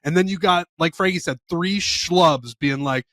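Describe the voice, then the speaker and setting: A man's voice: on the high side, moderate pace, hardly any pauses, no room sound. A man co-hosting a golf podcast, chatting casually and thanking the people who helped them. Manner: grateful, enthusiastic shout-outs. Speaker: podcast co-host. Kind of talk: casual chat.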